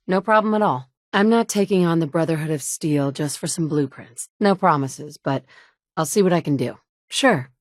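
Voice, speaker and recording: A woman's voice: on the low side, darkish tone, dry recording. An actress voicing a resourceful woman survivor in a studio game, dry and sometimes sarcastic. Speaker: player character. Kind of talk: game dialogue lines.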